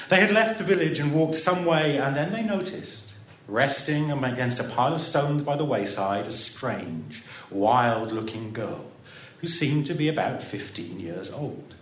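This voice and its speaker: A man reading a story aloud on a live stage in an expressive, theatrical way, with the odd dry aside. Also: medium pitch, a little hiss or hum. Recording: roomy echo.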